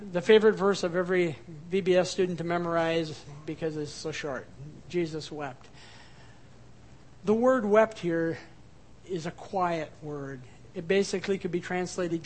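Pastor guy with a high voice, preaching, goes soft then punchy. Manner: expressive, swings between quiet and emphatic. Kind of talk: sermon.

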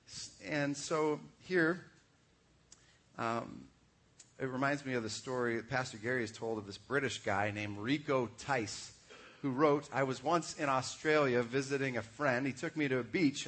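A pastor preaching a sermon in a conversational way, asking the congregation questions. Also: male voice, medium pitch, moderate pace, fairly bright tone.

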